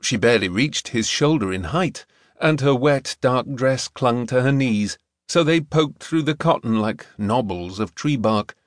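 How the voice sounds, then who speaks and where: A male narrator gives a measured, expressive reading of a novel at medium pitch. The studio sound is clean and dry.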